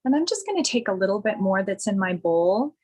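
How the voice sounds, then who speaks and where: A woman esthetician giving a slow, gushing skincare demonstration at home. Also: mid-range voice, sing-song, a little mellow, low-quality recording.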